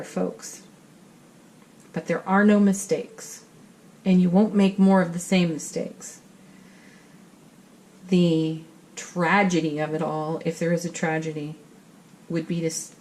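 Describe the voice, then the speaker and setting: A middle-aged woman giving a spiritual tarot reading in a gentle, soothing, reassuring manner. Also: on the low side, a little hiss or hum, poor audio. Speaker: tarot reader.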